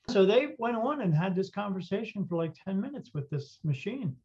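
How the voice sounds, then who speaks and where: A man's voice: high voice, sing-song, a little fast, a little mellow. A man, a psychic medium guest, telling a story casually with lots of fillers and restarts. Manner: rambling, full of fillers and restarts. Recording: dull lo-fi recording.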